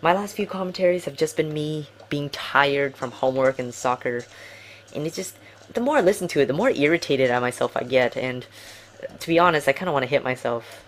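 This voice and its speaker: A woman with a notably low voice talks through her gameplay in a loose, wandering way. She hesitates, restarts sentences and chats casually to her viewers, with faint background noise on the track. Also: a little fast. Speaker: game commentator.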